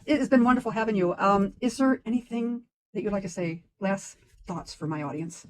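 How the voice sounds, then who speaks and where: A woman's voice: mid-range voice, a little fast, a little mellow, low-quality recording. An older woman hosting a casual interview, telling her stories in an effusive, gushing way. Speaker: host.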